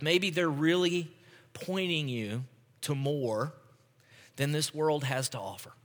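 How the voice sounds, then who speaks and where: A man's voice: a little high, slow. A male pastor giving a conversational sermon, often checking in with the congregation with "right?". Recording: long hall reverb.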